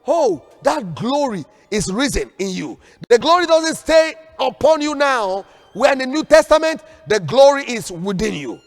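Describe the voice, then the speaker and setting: A man with a very high-pitched, very animated voice preaches fervently as a prophet on an online prayer broadcast, keeping a moderate pace with few pauses. He urges viewers to repeat declarations after him, over long hall reverb and faint background music.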